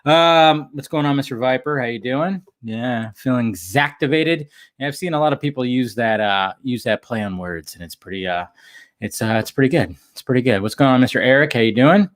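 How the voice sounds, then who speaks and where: A man's voice: mid-range voice, lively intonation, a little fast. Male livestream host, casual, upbeat, chatty, mid-range voice. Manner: upbeat, greets chat viewers by name.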